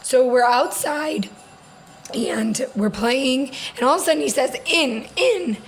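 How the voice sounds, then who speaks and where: A young woman co-hosting a podcast with her sister, telling stories in a lively, laughing way. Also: sits high, creaky, slight background noise, poor audio. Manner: animated storytelling, quick laughs. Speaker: podcast co-host. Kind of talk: casual sister chat.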